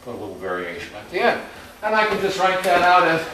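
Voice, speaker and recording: A man's voice: sits high, sing-song, quick pace, sharp tone, far from the mic, slight background noise. A man teaching a music workshop to a class, explaining melody and rhythm and singing out rhythms on nonsense syllables. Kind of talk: classroom lesson. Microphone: distant recorder in the room. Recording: very echoey room recorded from afar, faint music.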